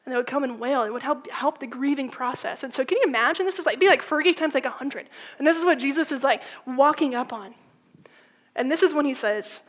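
A woman preaching a sermon in a casual, animated storytelling way, full of "like", swinging between loud and hushed. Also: sits high, brisk. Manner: informal, with frequent "like".

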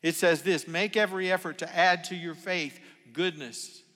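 An older male pastor delivers a sermon in an earnest way, his bright, fairly high voice sinking to near-whispers before climbing to emphatic peaks. A long reverb trails every phrase, like a large sanctuary. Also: fairly even intonation, normal speed. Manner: earnest, swings from hushed to emphatic. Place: church sanctuary.

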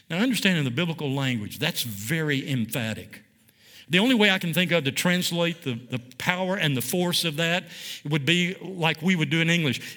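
A man's voice: a little high, expressive, normal speed, pushed and bright. A man teaching a Bible study like a sermon, emphatic, with dramatic repeated phrases and questions to his listeners. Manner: asks the audience questions.

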